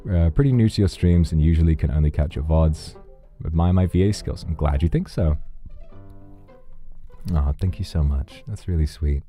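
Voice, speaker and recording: A streamer with an extremely low, dark voice chats casually at a moderate pace, faint music behind him. He's wry and rambling, often breaking off mid-sentence.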